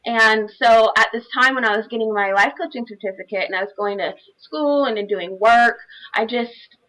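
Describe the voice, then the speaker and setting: A woman's voice: on the high side, normal speed, fairly bright tone, poor audio. A woman on a live panel, a life coach, sharing her personal story earnestly and from the heart, with many "you know" fillers over a video call.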